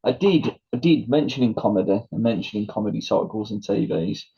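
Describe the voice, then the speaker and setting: A man's voice: on the low side, a little fast, breathy edge. A man co-hosting a casual podcast, retelling a comedy bit with lots of laughter and acted-out quotes. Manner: animated storyteller, laughing, acting out quotes. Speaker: podcast co-host. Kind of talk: casual chat. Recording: dull lo-fi sound.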